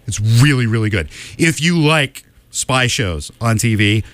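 A man co-hosting a casual podcast chat, listing award winners with quick opinions and frequent "uh" fillers. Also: mid-range voice, expressive, fairly bright tone, dry recording. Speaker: podcast co-host.

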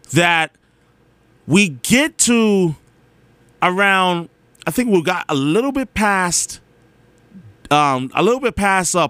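A young man tells a rambling everyday story, exasperated and poking fun at himself. His voice sits a little high and sounds bright and sharp. The recording is dry and close. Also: clear, resonant tone, no echo. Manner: animated, exasperated, self-mocking, with filler "like" and "you know". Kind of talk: casual storytelling monologue.

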